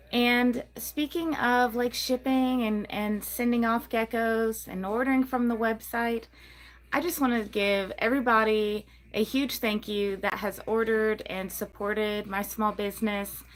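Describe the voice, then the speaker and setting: A fairly high-voiced woman chatting casually on a livestream about her small gecko business. She rambles with lots of ums and likes and slips into cooing baby talk whenever she holds up a gecko. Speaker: livestream host and gecko breeder.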